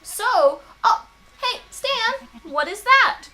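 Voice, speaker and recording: A woman's voice: very high voice, lively intonation, extremely slow, sharp tone, slight background noise. A woman teaching English to children, patient and encouraging, with playful animal sounds. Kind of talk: children's ESL lesson.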